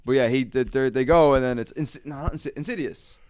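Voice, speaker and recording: A young man hosting a podcast, telling a rambling, profane story in casual chat with quick acted quotes. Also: medium pitch, a little mellow, no room sound, clean studio sound. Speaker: podcast host.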